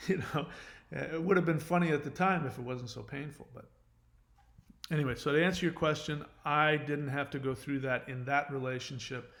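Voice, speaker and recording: A man's voice: fairly high pitch, normal speed, creaky, a bit bright. A man hosting his own channel, answering viewer comments in a candid, rambling monologue full of fillers and restarts. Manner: rambling, frequent "you know" fillers and restarts; earnest, confessional. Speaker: channel host.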